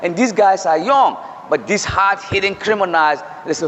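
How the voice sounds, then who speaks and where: A man's voice: sits high, normal speed, fairly bright tone. A man preaching a sermon in a casual, anecdotal way, acting out dialogue as he tells his stories in a lecture hall. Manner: conversational, anecdotal, with quoted dialogue. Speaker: Islamic preacher. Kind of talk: sermon with storytelling. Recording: dull lo-fi hall reverb, faint noise.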